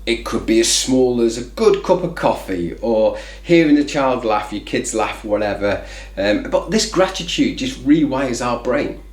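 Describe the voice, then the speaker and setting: Guy talking about faith, lively up-and-down voice, roomy echo, lots of you know. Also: mid-range voice, a little slow. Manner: conversational, many "you know" fillers. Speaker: faith video host. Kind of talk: reflective spoken talk.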